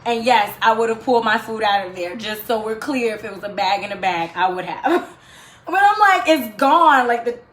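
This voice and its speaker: A woman's voice: fairly high pitch, animated, moderate pace. A woman hosting a home cooking show, telling chatty stories with laughs and asides to her viewers. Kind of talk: casual storytelling while cooking. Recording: echoey room with faint background noise.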